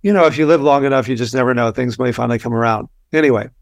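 Older male doctor from Texas, relaxed storyteller, dry recording. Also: medium pitch, very fast, vocal fry, dry recording. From Texas, USA. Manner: relaxed, anecdotal, many fillers and restarts. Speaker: physician guest. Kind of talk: conversational storytelling.

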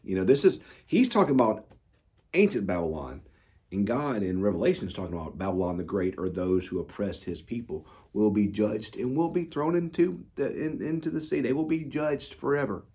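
Husky-voiced man reading scripture. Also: fairly low pitch, animated, brisk, darkish tone. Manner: earnest, with frequent restarts and fillers. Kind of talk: scripture reading and devotional reflection.

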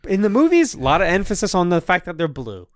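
Lively smooth-voiced man chatting films. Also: high-pitched, fast talker, no echo, studio quality. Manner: animated, swears freely, jokey. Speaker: podcast co-host. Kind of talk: casual film review chat.

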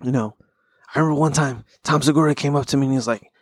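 A man's voice: mid-range voice, fast, dry recording. A man hosting a casual solo podcast, rambling and laid-back with a lot of swearing, talking close to the microphone. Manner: rambling, profane, laid-back stoner talk. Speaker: podcast host.

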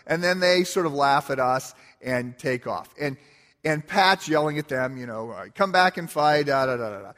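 A pastor preaching a sermon, with conversational storytelling and self-deprecating humor. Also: male voice, fairly high pitch, a bit bright. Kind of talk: sermon opening with a personal story. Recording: long reverb of a large hall.

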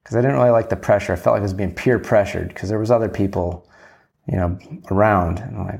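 A man's voice: fairly low pitch, fast talker, creaky, darkish tone. A man telling a rambling, candid story in a casual monologue, acting out bits of dialogue and swearing freely.

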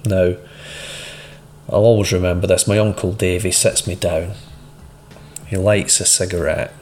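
A man hosting a podcast, giving a measured, conversational talk with a personal story. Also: sits low, level tone, a little mellow. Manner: measured, conversational, with small restarts. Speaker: podcast host. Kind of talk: instructive monologue and anecdote.

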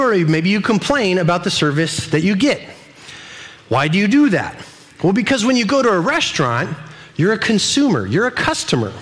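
A man in his thirties preaching a sermon at a church service, joking and acting out little voices. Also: sits high. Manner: animated, jokey, acts out little voices. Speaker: pastor. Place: church service with a live audience.

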